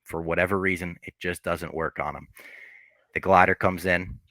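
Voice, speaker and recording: A man with a low voice and a bright, forceful edge talks through a movie scene by scene on his podcast. He is casual and profane and jumps into quoted lines. The sound is close and dry. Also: fairly even intonation, moderate pace, no echo. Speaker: podcast host.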